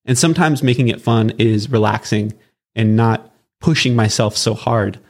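A man's voice: lowish voice, fairly even intonation, moderate pace. A man from Southern California hosting a solo podcast, talking in a loose, rambling way with plenty of fillers and restarts. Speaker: podcast host.

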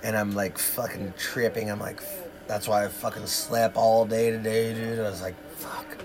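With a crowd in the background, a man speaks in a lowish voice with a flat delivery at a moderate pace. As a livestream co-host in casual chat, he tells long, profane, rambling stories.

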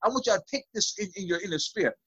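A man's voice: extremely high pitch, expressive, rapid-fire, gravelly, sharp tone, slightly rough, no room sound, lo-fi sound. A man preaching a fervent sermon over a video call, building to call-and-response. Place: small room.

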